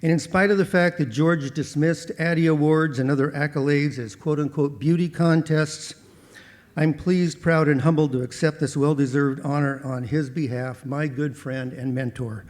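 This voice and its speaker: A man giving a prepared speech at an awards ceremony, accepting an honor for his late mentor and delivering quoted sayings in a measured, dry way. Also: a little high, steady tone, darkish tone, big-room sound.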